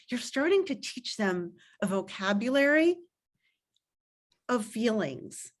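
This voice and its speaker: Middle-aged woman on a video call, bit high voice, earnest parenting tips, acts out little quotes. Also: big pitch swings, takes it slowly, long pauses. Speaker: parenting author and coach. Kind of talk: conversational advice on a video call.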